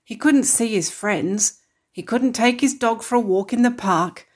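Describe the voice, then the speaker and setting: A woman reading a children's story aloud, narrating steadily and clearly. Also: a little high, unhurried.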